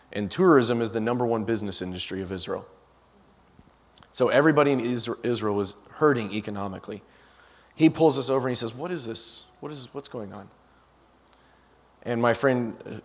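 A man preaching to a congregation, working through stories and breaking off into restarts and side remarks. His voice carries a long reverb that rolls through a big hall. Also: on the low side. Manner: storyteller with frequent restarts and asides. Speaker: guest preacher. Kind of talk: storytelling sermon.

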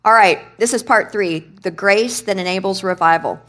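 A woman preacher giving a sermon in a conversational, animated way, asking the congregation questions. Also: mid-range voice, moderate pace, soft background music. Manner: conversational, animated, quizzes the audience.

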